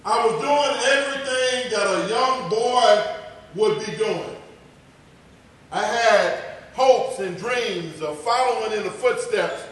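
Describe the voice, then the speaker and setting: A high-pitched man from Texas speaks slowly and dramatically, dropping from loud to hushed, in a motivational personal testimony. The recording has him far from the mic in an echoey hall.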